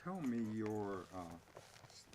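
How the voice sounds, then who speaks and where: A man hosting a casual interview, talking in a relaxed, friendly way with loose restarts. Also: on the low side, takes it slowly, heavy background noise.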